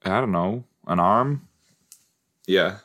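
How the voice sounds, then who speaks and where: Young male podcast host, deep and unhurried, rambling, jokey watch-along chatter. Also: a bit bright. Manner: chatty, rambling, easily startled, playful asides. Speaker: podcast host reacting to an episode. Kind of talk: casual watch-along commentary.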